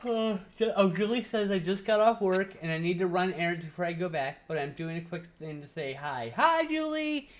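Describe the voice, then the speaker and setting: A woman's voice: fairly low pitch, steady tone, a little fast, few pauses. A woman in her thirties chatting casually on a live stream, reading chat messages aloud, telling stories and swearing freely. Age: 30s.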